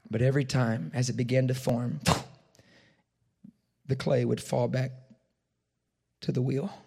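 A preacher telling a parable-like story in a sermon, with repetition and dramatic swings in loudness. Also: male voice, medium pitch, fairly even intonation, a little slow, creaky, long pauses, breathy edge.

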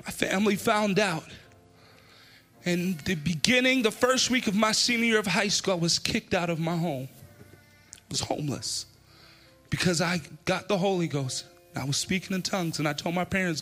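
A man preaching an impassioned sermon and altar call in a church, often shouting with a sing-song preaching cadence. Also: sits high, unhurried, pauses often, soft background music. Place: church sanctuary.

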